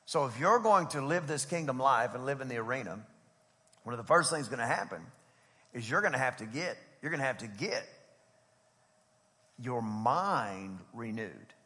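A man preaching a sermon in a church, swinging from loud, driving build-ups to casual storytelling asides. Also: medium pitch, animated, normal speed, long pauses, big-room sound. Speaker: pastor. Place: church sanctuary.

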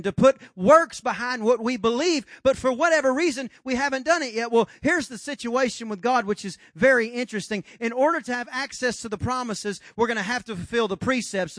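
A middle-aged man preaching a sermon in church, swinging between loud rises and quiet drops and acting out God's voice. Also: very high voice, dry recording, clean studio sound. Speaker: pastor.

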